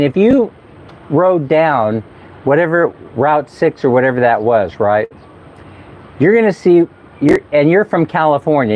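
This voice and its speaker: A man talking casually in a travel vlog, chatty and laughing often as he tells stories. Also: mid-range voice. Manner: chatty, laughs often, mimics people for fun. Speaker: travel vlogger. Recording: slightly dull outdoor recording.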